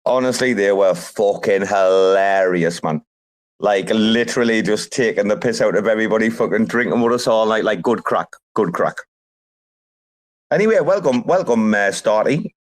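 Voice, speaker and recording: A man hosting a casual group chat, talking in an animated, emphatic way and swearing casually. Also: on the low side, moderate pace. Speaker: host.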